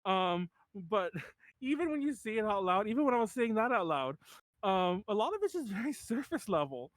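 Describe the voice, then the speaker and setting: A man's voice: sits high, sing-song, normal speed, no echo. A man hosting a podcast in casual chat, rambling with many fillers and restarts. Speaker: podcast host.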